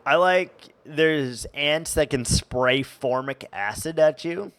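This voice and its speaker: A man's voice: a little high, slow pace, a bit bright, clear, resonant tone. A young man streaming a game, chatting casually and rambling with stumbles and restarts. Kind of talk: casual gameplay chat.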